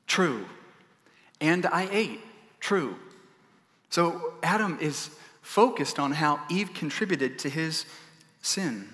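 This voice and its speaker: A male pastor delivering a sermon with lively storytelling and wry humor. His voice is bright and forceful. It rings out with a long hall reverb. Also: on the high side. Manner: animated storytelling with humorous asides.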